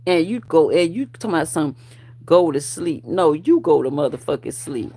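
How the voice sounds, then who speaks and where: A woman in her forties ranting at her online viewers, profane and confrontational, with loud bursts of laughter. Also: sits low, expressive, normal speed, slightly rough. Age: 40s. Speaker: vlogger.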